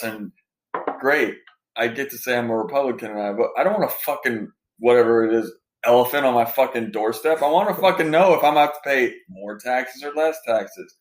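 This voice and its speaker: Texan co-host, crude profane jokester, mid-pitch, recorded in a roomy space. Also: male voice, brisk. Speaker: podcast co-host. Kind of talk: casual banter.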